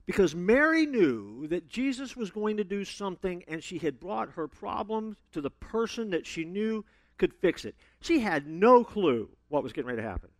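A man preaching a sermon, telling stories with sudden loud emphasis and playful asides. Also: high voice, sing-song, normal speed, no room sound.

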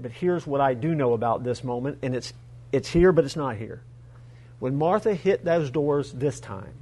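A male pastor with a voice on the high side preaches a sermon, animatedly retelling a story and throwing humorous asides to the congregation.

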